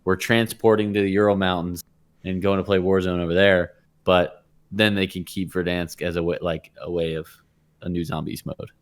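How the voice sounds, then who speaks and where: A man's voice: sits low, fairly even intonation, moderate pace. A man co-hosting a casual gaming podcast in a laid-back way, trailing off his thoughts. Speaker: podcast co-host.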